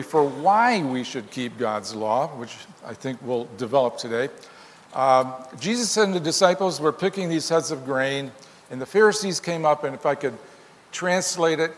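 A man preaching a sermon, explaining scripture with emphatic, animated reading. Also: on the high side. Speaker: pastor. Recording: long hall reverb.

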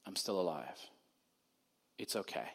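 A male pastor delivers a casual, conversational sermon. He moves between loud, pressing emphasis and soft, near-quiet stretches. His voice carries a long reverb from a church hall. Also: low-pitched, lively intonation, a little slow, vocal fry, slightly rough.

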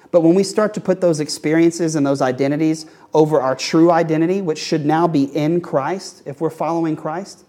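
A man's voice: on the high side, dark tone. A young man giving a sermon in a conversational way, telling a sports story with fillers and repeated words. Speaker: preacher.

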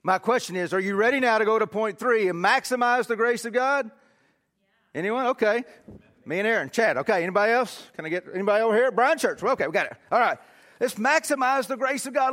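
A man preaches a sermon to his congregation in a high voice. He swings between loud, urgent lines and hushed, quiet stretches. His words carry a long reverb through a large church hall. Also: expressive, fast talker. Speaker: pastor.

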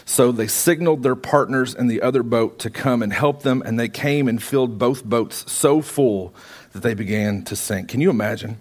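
A man's voice: medium pitch, normal speed. A man preaching a sermon, retelling a story with vivid, emphatic repetition.

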